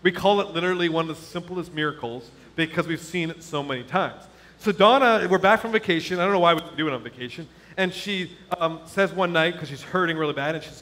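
A middle-aged man, a pastor, telling a candid personal story in a sermon, dropping to hushed asides and rising to shouts. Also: a little high, animated, quick pace. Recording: long hall reverb.

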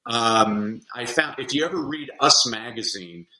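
Podcast guest, male educator: bright, punchy voice, animated anecdotal delivery. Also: mid-range voice, a little slow, low-quality recording. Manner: animated storyteller acting out kids' voices. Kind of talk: casual podcast chat.

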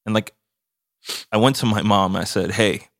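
A man's voice: fairly low pitch, moderate pace, creaky, dry recording, studio quality. A man co-hosting a casual podcast, telling stories in a loose, profane way with lots of filler words. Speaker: podcast co-host. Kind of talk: casual chat.

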